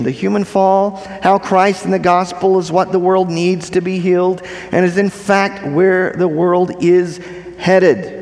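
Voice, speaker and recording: A male pastor with a high, darkish voice preaches a sermon emphatically, repeating key phrases and posing questions to the congregation. A long hall reverb colors the recording.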